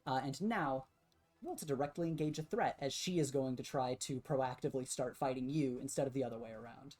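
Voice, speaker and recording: Mulher de voz grave narrando como mestre. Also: female voice, rumbling low, brisk, soft background music. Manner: relaxed, filler-heavy narration, giggly. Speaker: game master. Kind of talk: narrating a tabletop game.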